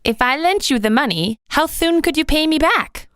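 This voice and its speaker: A woman reading a storybook and voicing a kind, generous young boy in a soft, friendly child voice. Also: high voice, animated, normal speed, no echo, studio quality, voice pushed up.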